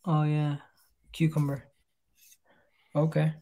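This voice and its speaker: A young man hosting a casual football chat, chatty and quick to laugh. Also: fairly high pitch, monotone, dark tone. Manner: chatty, laughs easily, breaks into impressions. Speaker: football channel host.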